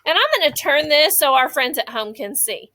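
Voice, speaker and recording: A young woman teaching a classroom phonics lesson, slowly modeling sentences and praising the children. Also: sits high, big pitch swings, bright, forceful tone. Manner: slow, drawn-out modeling of sentences, encouraging.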